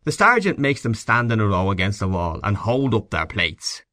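Grave worldly official, voiced by a male reader, lively telling voice, dry sound. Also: lowish voice, normal speed, no echo. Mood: storytelling. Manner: grave, then mocking as a drill sergeant. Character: middle-aged official, grave and worldly storyteller. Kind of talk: audiobook character voice.

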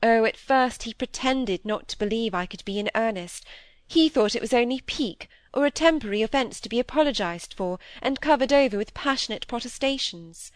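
Young woman pouring out a regretful confession, read by a woman; higher voice, close dry sound. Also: expressive, fairly quick, no echo, natural voice. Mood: confiding. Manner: earnest, regretful, rising to indignation. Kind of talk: audiobook reading of dialogue.

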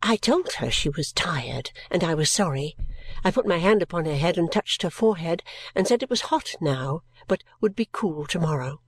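A woman narrating a classic novel aloud in a gentle, measured storytelling manner. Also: on the low side, animated, breathy edge, no room sound. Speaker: audiobook narrator.

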